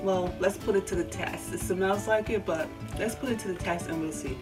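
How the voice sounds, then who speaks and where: Middle-aged mom, playful and upbeat, a bit distant from the mic, music under her. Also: on the low side. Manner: playful, enthusiastic, drawn-out approving hums. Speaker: mother taste-testing snacks. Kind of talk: casual taste-test chat.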